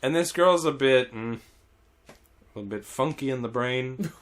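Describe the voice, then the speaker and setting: A man's voice: medium pitch, a little slow. A man telling a classroom story in casual chat, laughing, swearing and shrieking as he quotes a child. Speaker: English teacher in Japan.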